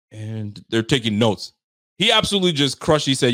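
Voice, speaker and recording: A man hosting a casual live stream, reacting with incredulous, animated talk and frequent laughter. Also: fairly low pitch, fast, dry recording, studio quality. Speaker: show host.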